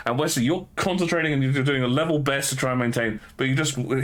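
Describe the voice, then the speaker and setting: A man's voice: mid-range voice, quick pace, few pauses, a bit bright. A man running a tabletop game as game master, narrating the scene and wryly teasing the players about their dice. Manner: wry, teasing about bad dice rolls.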